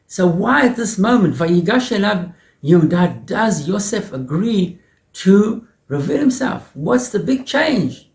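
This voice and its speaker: A man teaching a Torah lesson as a rabbi in an animated way, often repeating words and mixing in Hebrew terms. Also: sits high, measured pace, echoey room.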